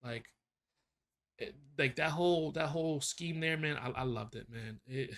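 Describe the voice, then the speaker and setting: A man hosting a music reaction, rambling and excitable, full of fillers and restarts. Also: fairly high pitch, moderate pace. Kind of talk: casual reaction commentary.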